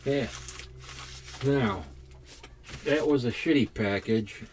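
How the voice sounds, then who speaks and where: Male vlogger, mid pitch, rambling and halting, casual unboxing chat, faint noise and clicks in the background. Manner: rambling, halting, swears and digresses. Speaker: comics collector vlogger.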